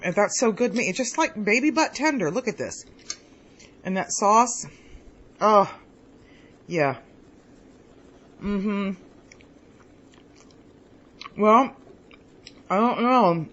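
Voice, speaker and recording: A woman's voice: medium pitch, animated, takes it slowly, pauses often, highs cut off. A woman chatting casually in a home cooking vlog. She rambles as she tastes her food, with lots of pleased mm's. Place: home kitchen.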